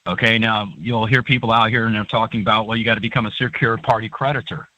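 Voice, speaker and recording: A male guest with a bright, clear tone who speaks earnestly and rambles. His voice comes through a dry, dull, lo-fi line. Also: on the low side, fairly even intonation, fast talker, dry recording. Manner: earnest, rambling, many fillers. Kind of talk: call-in talk show chat.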